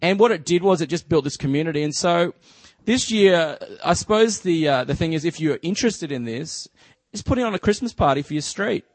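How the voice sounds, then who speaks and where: An Australian man speaking to a church in a loose, conversational way, his sentences full of "just" and "you know". His voice sits a little higher than most men's, and the sound is close and dry, with almost no room echo. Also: animated, brisk. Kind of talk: casual storytelling sermon.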